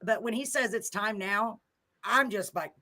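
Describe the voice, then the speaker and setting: A woman's voice: medium pitch, measured pace, pushed and bright. An older woman hosts a radio chat show. She talks in an open, emotional way, laughing often and gushing over her guest. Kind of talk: casual chat.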